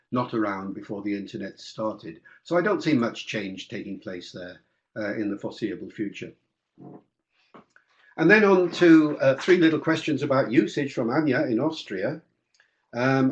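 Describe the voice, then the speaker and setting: An older man answering listener questions in a webinar, in a discursive, explanatory way. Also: mid-range voice. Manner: discursive, explanatory, with fillers and asides. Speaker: guest linguist answering questions. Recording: dull lo-fi webinar audio.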